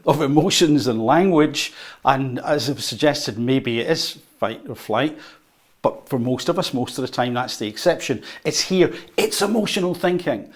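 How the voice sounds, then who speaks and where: A man teaching a lesson at a whiteboard, unscripted, with fillers and repeats, often acting out the voices in people's heads. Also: medium pitch. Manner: animated, acts out inner voices. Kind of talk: whiteboard lecture.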